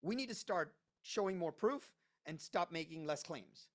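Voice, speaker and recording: A man presenting a live online coaching workshop, emphatic and energetic, driving points home with punchy repetition over a video call. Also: on the high side, moderate pace.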